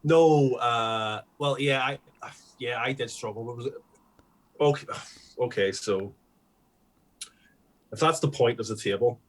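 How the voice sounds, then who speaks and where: A man's voice: mid-range voice, a little slow, long pauses, slight background noise. A young man, a podcast guest, rambling through sweary stories in casual chat.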